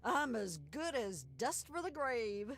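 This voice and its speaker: A woman's voice: a little high, sing-song, slow pace, a bit bright, heavily acted. A sly, sickly countrywoman. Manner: drawling, folksy, says "reckon" and "sweetie". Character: sick folksy countrywoman, sly and sweet-talking. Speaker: game character.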